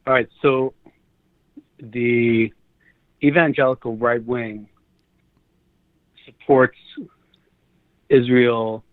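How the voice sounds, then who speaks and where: A man's voice: medium pitch, little pitch movement, very slow, pauses often, no room sound. Man rambling over a dry phone line. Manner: hesitant, rambling with fillers. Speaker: caller.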